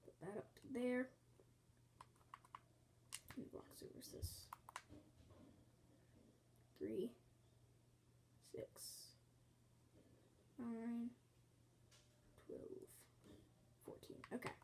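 A woman's voice: fairly high pitch, very slow, gravelly, long pauses, warm tone, a little hiss or hum. A woman teaching a building game step by step, counting blocks aloud, apologizing often as she fights off a cough at home. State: bouts of coughing. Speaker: game tutorial host.

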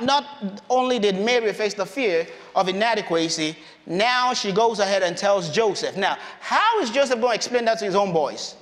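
A man preaching a conversational sermon in a church hall. He acts out the voices of Bible characters in his own voice. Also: high-pitched.

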